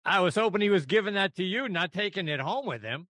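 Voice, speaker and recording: Host, male, bright forward tone, dry booth sound, friendly questions. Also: sits high, expressive, fast talker, no echo. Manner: friendly, laughs along with the guest. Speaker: podcast host. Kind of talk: interview questions.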